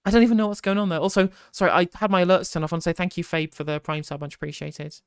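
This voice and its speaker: A woman co-hosting a livestream, making dry quick quips and reading out subscriber thanks. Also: lowish voice, fairly even intonation, clear, resonant tone, no room sound. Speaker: livestream co-host. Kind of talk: casual livestream chat.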